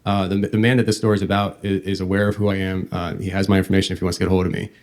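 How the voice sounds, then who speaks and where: A man hosting a podcast, telling a long story in a meandering, halting way. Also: low-pitched, little pitch movement, darkish tone. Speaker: podcast host.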